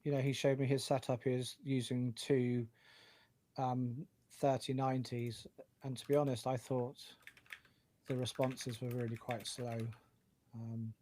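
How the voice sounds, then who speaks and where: A British man from the United Kingdom co-hosts a tech podcast, chatting casually and rambling a little, with many fillers, as he explains his setup. He speaks in British English with a warm, level, mid-range voice at a measured pace.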